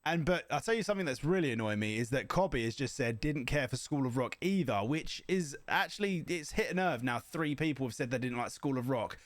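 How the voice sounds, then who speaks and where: A young man streaming a reaction video, chatting to viewers in an excitable, jokey, shouty way. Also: mid-range voice, brisk, hardly any pauses, no echo. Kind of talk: casual live reaction chat.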